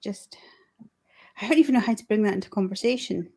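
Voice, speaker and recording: Scottish woman guest author, mid-pitched, dry teasing wit, casual chat. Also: fast talker, creaky, warm tone, slightly rough. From Scotland.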